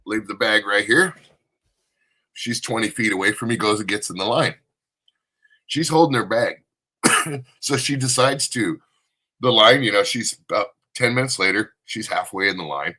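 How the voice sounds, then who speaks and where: A man's voice: lowish voice, moderate pace, long pauses, pushed and bright. A man from Southern California telling a rambling, profane story with frequent laughs on a casual live podcast panel. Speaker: panel co-host.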